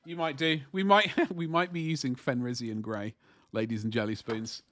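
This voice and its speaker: A man's voice: medium pitch, steady tone, moderate pace, a bit bright. Chatty man streaming his painting. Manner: chatty, rambling, talks to chat while working. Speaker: livestream host painting miniatures. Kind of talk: casual livestream chat.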